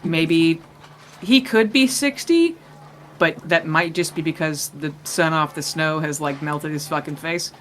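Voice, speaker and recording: A man's voice: on the high side, measured pace, a bit bright, a little hiss or hum. Rambling man running a tabletop game. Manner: loose, rambling, joking. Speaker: game master.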